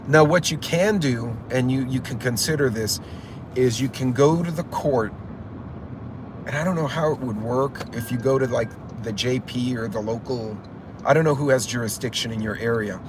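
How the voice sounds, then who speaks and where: A man's voice: medium pitch, normal speed, pauses often, background noise. A middle-aged man hosting a casual livestream, telling stories in a rambling, profane way. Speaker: channel host.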